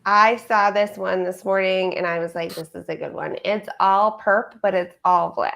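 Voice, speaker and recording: Female livestream host, playful and chatty, slight vocal fry. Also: mid-range voice, steady tone, normal speed, fairly bright tone. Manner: chatty, laughs often, playful. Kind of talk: casual livestream chat.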